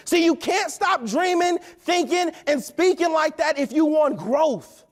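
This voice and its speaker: Speaking a little slowly in a very high voice, a man in his thirties gives an energetic, sermon-like motivational talk at a company event, frequently asking "right?"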